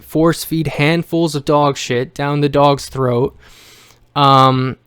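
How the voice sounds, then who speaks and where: Brief: male vlogger, raw profane rant, smooth clear voice, dry close sound. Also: on the high side, dry recording. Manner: blunt, heavily profane, emotional venting; rambling with frequent restarts. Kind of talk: personal rant to camera.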